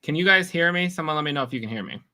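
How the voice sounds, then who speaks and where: A man's voice: fairly high pitch, expressive, pushed and bright. A man from New York hosting a casual livestream, reading viewer comments and teasing the chat. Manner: chatty, teasing, quick reactions to chat. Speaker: livestream host.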